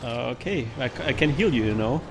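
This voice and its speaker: A man's voice: medium pitch, fast talker, soft background music. A man hosting a co-op game session in casual chat, joking and laughing often. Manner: laughs often, excitable, jokey. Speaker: gamer hosting a co-op stream.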